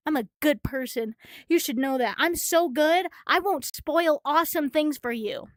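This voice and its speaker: Breathless, gushing high-voiced woman. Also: slow, long pauses, no room sound, clean studio sound. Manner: rambling and excitable, gushing, swearing. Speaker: streamer. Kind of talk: casual live-stream chat reading a comic aloud. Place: her own room.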